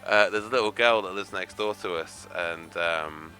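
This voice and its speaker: A man hosts a late-night radio show from a studio mic and rambles through jokes in loose, easy banter. His voice sits a little low but has a bright, forward edge, and he keeps dropping "you know" into his talk. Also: moderate pace, soft background music. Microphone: studio microphone.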